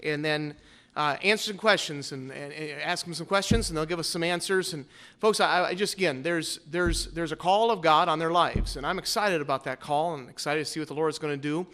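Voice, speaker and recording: Bright, high-voiced playful pastor man. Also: brisk. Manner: playful, teasing. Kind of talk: church service, Bible trivia and introduction. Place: church service.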